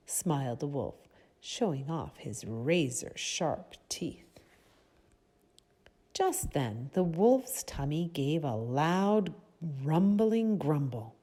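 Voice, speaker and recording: A woman reading a storybook aloud to children, gently pausing to ask them questions. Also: deep voice, very animated.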